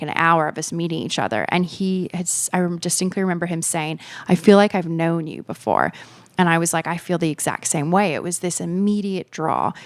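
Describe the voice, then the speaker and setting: A woman's voice: lowish voice, no room sound. A young woman hosting a podcast, telling a personal story in a chatty way, full of fillers and self-corrections. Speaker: podcast host. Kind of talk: casual storytelling.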